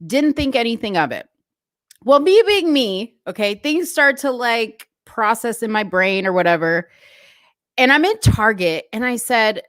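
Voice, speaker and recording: Female vlogger, casual storytelling rant, slightly high, dry close sound. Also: unhurried, dry recording. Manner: chatty, animated retelling with asides.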